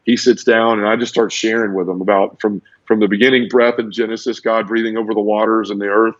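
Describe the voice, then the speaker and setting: Speaking quickly in a lowish, flat voice, a man gives an earnest, emotional testimony about his conversion. He repeats words as he goes and acts out the voices he quotes, all captured in dull lo-fi audio.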